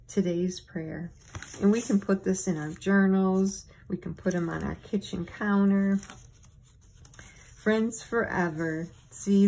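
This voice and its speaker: A middle-aged woman opening gifts from a friend on her home channel, talking in a gentle, gushing, thankful way with soft laughs. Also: lowish voice, vocal fry, rough recording. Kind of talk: casual unboxing chat.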